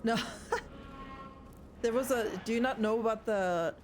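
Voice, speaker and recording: A woman's voice: a little high, brisk, darkish tone, a little hiss or hum. A young woman streaming a horror game, chatting casually with her viewers and swearing often. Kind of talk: casual live gameplay chat.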